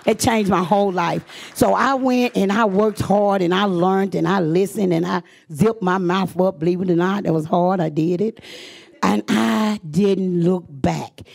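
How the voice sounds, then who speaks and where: Gravelly woman telling her story. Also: mid-range voice, a little slow, a little mellow. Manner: earnest, emphatic, repeats phrases for weight. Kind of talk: live personal storytelling to an audience.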